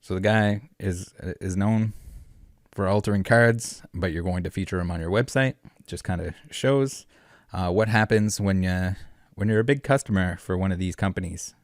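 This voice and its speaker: A man's voice: low-pitched, normal speed, no room sound, clean studio sound. A man hosting a collectibles commentary vlog, rambling and sarcastic with many filler words. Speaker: collectibles channel host.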